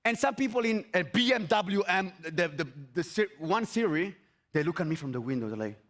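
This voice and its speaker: Animated man giving a motivational talk. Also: sits high, fairly quick. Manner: energetic and repetitive, with rhetorical questions. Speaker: motivational speaker. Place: event stage.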